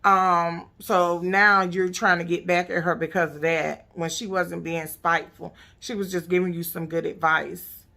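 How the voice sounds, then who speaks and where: A woman's voice: on the low side, level tone, unhurried, gravelly, hardly any pauses, pushed and bright. A woman casually recapping a reality TV episode, blunt, profane and sassy.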